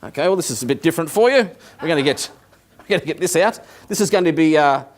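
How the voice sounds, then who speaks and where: A man's voice: on the high side, expressive, fast. A male ventriloquist with a chatty, laughing manner and dry one-liners, performing on stage. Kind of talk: comic stage act and chat. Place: stage before a studio audience. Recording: noisy stage with audience.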